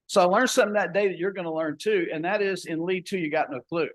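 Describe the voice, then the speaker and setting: At a conference, a folksy older man who works as a paramedic educator tells stories, slipping into the voices of the people in them to act out their dialogue. His voice sits a little high for a man, he speaks quickly with hardly any pauses, and the sound is dry and close with no room echo.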